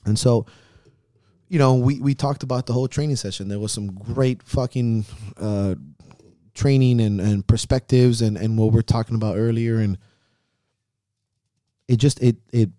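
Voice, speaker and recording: A man's voice: mid-range voice, fairly even intonation, moderate pace, dark tone, dry recording, clean studio sound. A man hosting a podcast, giving a heavily profane, intense motivational pep talk in a casual chat. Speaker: podcast host.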